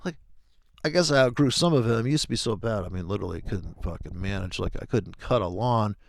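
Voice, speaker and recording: A man's voice: lowish voice, lively intonation, fast, vocal fry. A middle-aged man hosting a trading video, rambling in a profane, joking way. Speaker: forex trading video host. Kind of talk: casual rambling monologue.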